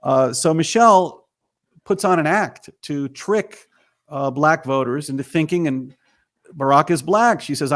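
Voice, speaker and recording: A man's voice: a little high, measured pace, fairly bright tone. A man, a filmmaker and author, telling his story emphatically as an interview guest.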